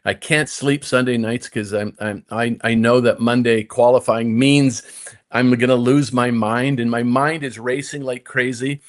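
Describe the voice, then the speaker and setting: Animated older man telling a story. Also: mid-range voice, measured pace. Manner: animated storyteller, many repeated "and, and" restarts, acts out his own inner voice. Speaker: guest, former tour golfer. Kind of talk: storytelling in casual conversation.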